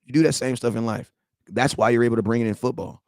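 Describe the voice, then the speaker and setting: He talks fast in a steady, medium-pitched voice with a darkish tone, and there's no echo. The young man is hosting a sports talk stream, ranting heatedly in slang, repeating himself, and speaking straight to his audience.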